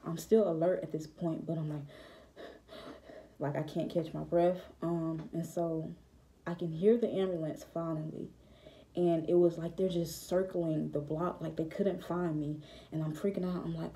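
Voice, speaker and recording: A young woman speaks in a low, even voice, and her tone is very dark. She tells a personal testimony to the camera, hesitant and reflective, with many pauses and fillers. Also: slight background noise. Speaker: vlogger.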